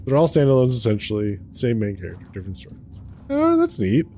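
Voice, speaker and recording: A man's voice: medium pitch, huge pitch swings, fast talker, mellow. Chatty man giving game commentary, laughing often. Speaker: gaming channel host. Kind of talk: let's play commentary.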